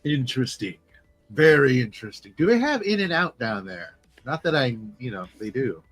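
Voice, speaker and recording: A man's voice: medium pitch, very animated, normal speed, a bit bright, slightly rough, soft background music. A man in casual group chat, teasing and joking loosely with friends as a panel co-host.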